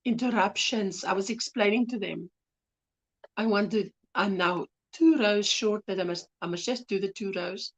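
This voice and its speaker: On a relaxed crochet livestream, a soft-spoken woman with a South African accent warmly greets viewers and reads their comments. Her voice is medium in pitch at a normal speed, recorded on a phone.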